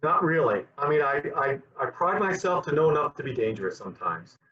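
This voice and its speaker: A man's voice: fairly high pitch, big pitch swings, brisk, breathy edge. A man being interviewed as a guest who rambles and often repeats his words. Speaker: guest, QA director. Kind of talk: conversational interview. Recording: dull lo-fi sound.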